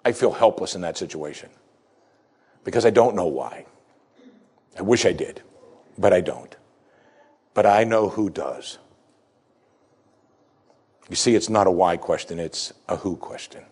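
A man with a fairly low voice delivers a sermon to his congregation. He tells a story with deliberate dramatic pauses, and he slows down to stress the lines that matter. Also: animated, darkish tone, slightly rough. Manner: emphatic, slows for key phrases. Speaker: pastor.

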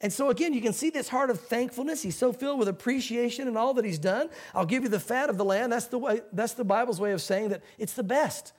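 A middle-aged man preaching a sermon as a pastor, talking in a relaxed, folksy way. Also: very high-pitched, quick pace, few pauses. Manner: conversational, folksy preaching with quoted voices.

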